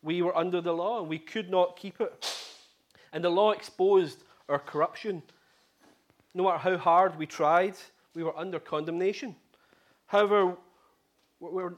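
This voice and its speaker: A man preaching a sermon in an earnest way, repeating key phrases for emphasis. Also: high voice.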